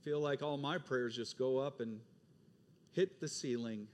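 A man voicing a wistful onlooker who longs for what another person has, with high, pleading phrases. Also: natural voice. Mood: longing. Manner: high, pleading, drawn-out wonder. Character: wistful envious onlooker, longing.

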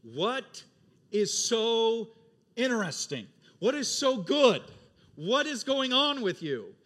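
A man voicing a wistful onlooker who longs for what another person has, with high, pleading phrases. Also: animated, lightly acted. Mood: longing. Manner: high, pleading, drawn-out wonder. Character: wistful envious onlooker, longing.

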